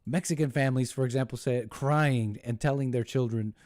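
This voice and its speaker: A man's voice: medium pitch, darkish tone, dry recording, clean studio sound. A man hosting a live call-in show, talking in a rambling, mocking monologue full of restarts and put-on voices for the people he quotes. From United States. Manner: mocking, puts on voices when quoting others; halting, with many restarts and laughs.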